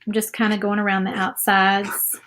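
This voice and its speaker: A woman hosts a relaxed live craft session, chatting freely as she works. Her voice sits at a middling pitch, and a faint hiss runs under the recording. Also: normal speed. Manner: chatty, reads viewer comments aloud while painting. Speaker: craft video host. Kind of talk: casual live craft demo.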